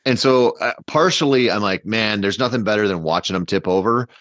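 A man with a fairly low voice tells a long story in a loose, rambling podcast chat. He is animated and talks with many fillers and restarts. His voice comes through a dull, dry mic with little room sound. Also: fairly quick, no echo. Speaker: podcast guest hunter.

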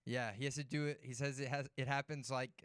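A man co-hosting a sports talk show, his voice smooth and a touch high, recorded dry and close. He tells rambling, loose stories and peppers them with "like". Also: level tone, fast talker, no echo. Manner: rambling storyteller, heavy use of "like". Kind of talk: casual chat.

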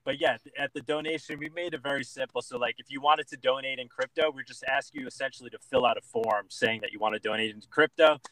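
A man's voice: mid-range voice, fairly even intonation, quick pace, few pauses, fairly bright tone, no echo, low-quality recording. A man talking as an interview guest, earnestly making his case with many fillers and repeated words. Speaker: guest, political candidate. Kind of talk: casual interview chat.

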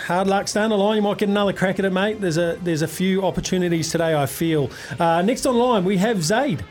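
A chummy, upbeat radio sports show host runs a quiz, calling his callers mate. His voice is high and a bit fast, with faint music playing behind.

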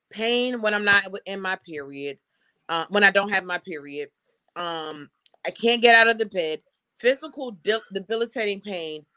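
A woman hosts a casual talk show and tells a personal story frankly, with plenty of animation. Her voice is bright and crisp, and it is recorded close and dry, with no room sound. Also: medium pitch, no echo. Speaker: host.

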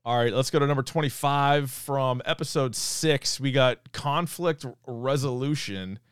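A man co-hosting a comedy podcast in an easygoing, loose way, slipping into quick impressions as he retells scenes. His voice is smooth and resonant, recorded close and dry with no room sound around it. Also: mid-range voice, dry recording. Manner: animated, acts out quoted lines. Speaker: podcast co-host. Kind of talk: casual comedy podcast chat.

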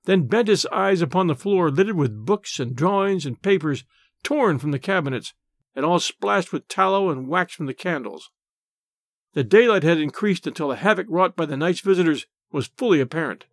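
A man reading a novel aloud in the first person, with expressive, measured storytelling. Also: fairly high pitch, no room sound. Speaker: audiobook reader. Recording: dry close recording.

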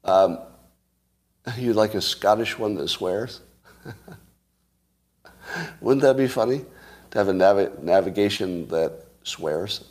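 A man's voice: on the low side, takes it slowly, long pauses, a little mellow. A man from California hosting a show, chatting casually and joking as he rambles between topics. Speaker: host. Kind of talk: casual chat with listeners.

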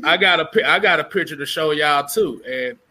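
A man with a notably high, bright voice trades jokes about his team. He talks in an animated way, stalls with "hold on," and laughs through his points. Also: brisk. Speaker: co-host. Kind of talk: casual sports talk.

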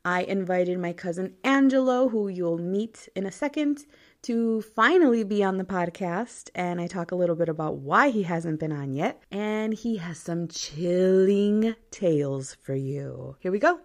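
A woman's voice: on the low side, expressive, a little slow. A woman in her thirties with a Midwestern American accent, hosting a podcast in casual chat and laughing often. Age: 30s. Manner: chatty, laughs often, mixes Spanish phrases. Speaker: podcast host.

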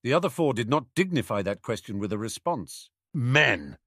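Brief: male audiobook reader, mid pitch, animated storytelling. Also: brisk, no echo, clean studio sound. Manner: expressive storytelling. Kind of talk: fan fiction audiobook narration.

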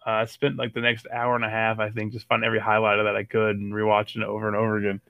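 A man's voice: on the low side, monotone, very fast, vocal fry, clear, resonant tone, dry recording, muffled recording. A man in his thirties co-hosting a casual sports podcast, telling a long story with lots of fillers. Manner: rambling storyteller with many fillers. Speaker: podcast co-host.

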